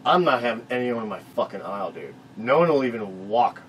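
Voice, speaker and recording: A man's voice: mid-range voice, expressive, fairly quick, fairly bright tone, a little hiss or hum, poor audio. A man co-hosting a casual chat, telling stories in a laid-back, profane, laughing way. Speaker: podcast co-host.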